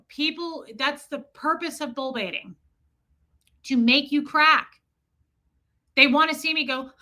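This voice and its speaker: Bright-voiced blunt woman streamer. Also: high-pitched, normal speed. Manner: blunt, profane, defiant. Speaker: livestream host. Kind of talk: casual livestream talk.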